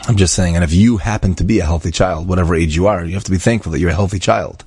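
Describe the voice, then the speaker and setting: A man telling an inspirational story in a lively way, acting out the voices of the people in it and mixing in Hebrew and Yiddish words. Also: deep voice, rapid-fire, husky. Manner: animated, acts out quoted voices, drops in Hebrew and Yiddish words.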